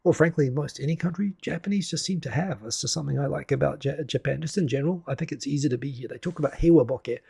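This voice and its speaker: A man's voice: fairly high pitch, fast talker, vocal fry, few pauses, darkish tone, husky, no room sound. A man from New Zealand hosting a casual live stream, talking through news and reading viewer comments in a chatty way with many restarts. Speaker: live show host.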